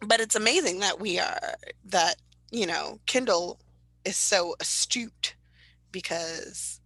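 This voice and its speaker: Loud animated woman cohost, gravelly and bright, bit husky. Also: medium pitch, slow, dry recording, low-quality recording. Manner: animated, loud, laughs often. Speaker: podcast co-host. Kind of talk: casual chat.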